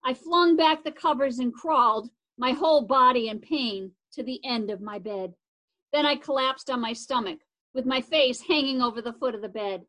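A woman reading a children's chapter book aloud, unhurried and expressive. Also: high-pitched. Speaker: reader.

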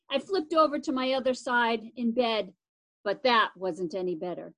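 A woman reading a children's chapter book aloud, unhurried and expressive. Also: sits high. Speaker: reader.

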